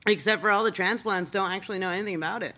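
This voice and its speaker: Young man, high voice, podcast guest, laughs a lot, rambling fillers. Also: very fast, pushed and bright. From Mexican-American from Fort Worth. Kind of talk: casual chat.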